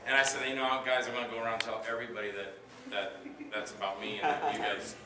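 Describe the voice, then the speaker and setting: Excitable man telling stories in a roomy hall. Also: medium pitch, fast. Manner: excitable, acts out dialogue with loud outbursts. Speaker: actor answering audience questions. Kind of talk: animated convention Q&A storytelling. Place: convention hall panel. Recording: roomy hall, distant mic, noisy.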